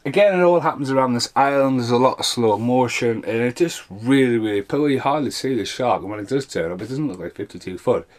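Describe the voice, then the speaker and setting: A man's voice: mid-range voice, fairly quick, few pauses. A man casually reviewing bad films, sarcastic and swearing constantly. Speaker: film reviewer.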